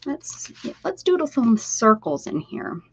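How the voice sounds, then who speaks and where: A fairly high-pitched, very animated woman talks at a measured pace, with a little hiss or hum in the background. While drawing on her casual art livestream, this Pennsylvania, USA host chats directly to viewers and now and then drops into a whisper. Sound quality is slightly dull lo-fi stream audio.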